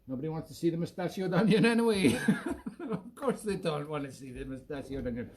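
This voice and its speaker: A man's voice: fairly high pitch, lively intonation, brisk, a little mellow, close to an everyday voice. A man playing a tipsy mock-French gent. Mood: theatrical. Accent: French put-on. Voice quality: theatrical, rambling, self-mocking. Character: tipsy pompous Frenchman with a mustache, middle-aged man. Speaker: musician host.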